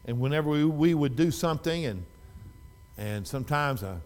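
Folksy preacher man, loud then hushed. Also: a little high, animated, normal speed. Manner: swings from loud fervent exhortation to quiet storytelling; folksy, repeats and restarts phrases. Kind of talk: sermon. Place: church.

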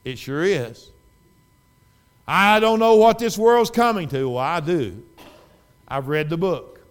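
A middle-aged man preaching a sermon in a church, folksy, swinging from loud fervent exhortation to quiet storytelling. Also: medium pitch. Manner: folksy, repeats and restarts phrases.

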